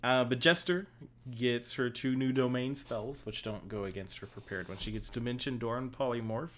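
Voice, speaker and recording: A woman's voice: a bass voice, moderate pace. A woman co-host talks through last night's tabletop episode in loose, chatty fashion. She giggles between thoughts and leans on ums and mm-hmms. A faint hiss sits under her voice. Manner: giggly, many fillers and mm-hmms. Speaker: podcast co-host. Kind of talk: casual recap chat.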